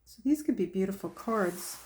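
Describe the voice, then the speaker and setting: A woman's voice: mid-range voice, expressive, darkish tone. A woman hosting a painting lesson, chatting casually and talking to herself as she works. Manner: slow, chatty, talks to herself while working. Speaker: art tutorial host. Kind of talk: painting demonstration.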